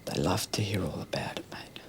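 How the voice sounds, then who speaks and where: An actor playing a leering, menacing Australian criminal who talks crudely and often drops into a rasping whisper. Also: male voice, fairly low pitch, moderate pace, noisy background, natural voice. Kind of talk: TV police drama acting.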